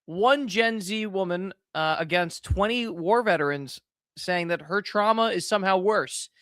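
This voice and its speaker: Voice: mid-range voice, measured pace, fairly bright tone, no echo, clean studio sound. Giggling streamer reading posts aloud. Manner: breaks into frequent laughter while reading posts aloud; slangy and loose, says dude and man. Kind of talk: casual reaction commentary.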